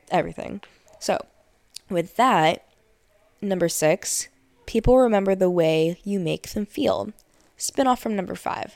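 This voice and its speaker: Gravelly young woman chatting casually. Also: on the low side, no echo. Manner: chatty, animated retellings with filler likes. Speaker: host. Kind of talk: casual advice monologue.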